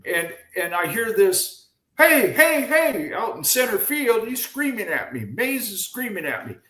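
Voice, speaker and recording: A man in his seventies, a former baseball pitcher, telling lively stories as a guest, acting out the voices of people in them and often restarting his sentences. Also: moderate pace, echoey room, low-quality recording. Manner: lively storyteller who acts out quoted voices, with frequent restarts. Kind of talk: animated storytelling in a chat.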